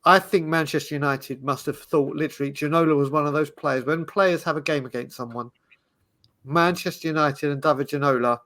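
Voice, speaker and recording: A man in casual chat, telling animated stories with frequent restarts. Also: fairly high pitch, brisk. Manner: animated, storytelling, restarts often. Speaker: podcast panelist.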